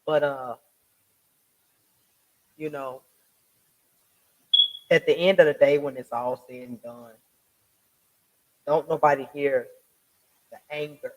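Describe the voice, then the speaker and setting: A man's voice: medium pitch, steady tone, slow, long pauses, muffled recording. A man hosting a casual commentary vlog, ranting emphatically with slangy, profane talk, rhetorical questions and stammering restarts. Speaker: online commentary host. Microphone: home desk mic with soundboard.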